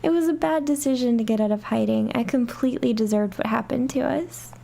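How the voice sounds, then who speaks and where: A woman's voice: a little high, brisk, gravelly, hardly any pauses, mellow. A woman hosting a let's-play, chatting and joking her way through a horror game. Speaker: gaming channel host. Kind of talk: playful let's-play commentary.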